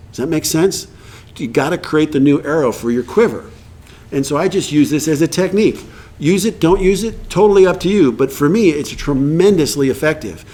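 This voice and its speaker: A middle-aged man with a Texan accent, speaking at a recovery meeting and acting out quoted voices in an animated way. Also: fairly high pitch. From Texas.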